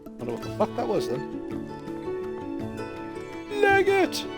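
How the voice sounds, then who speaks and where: A man's voice: a little high, moderate pace. Chatty man with game music behind. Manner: chatty, rambling, lively. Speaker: streamer. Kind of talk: casual gameplay chat.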